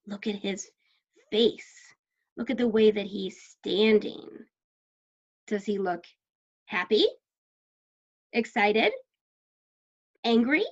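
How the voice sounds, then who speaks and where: A woman's voice: medium pitch, lively intonation, slow, long pauses, dull audio. A woman teacher guiding children through a story with patient questions.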